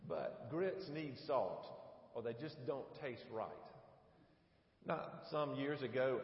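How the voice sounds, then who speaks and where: A pastor preaches in a relaxed, folksy way and slips in humorous asides to his congregation. His voice rings out through a big church sanctuary with a long, roomy reverb. The recording sounds a little dull and lo-fi. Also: medium pitch. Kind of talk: sermon.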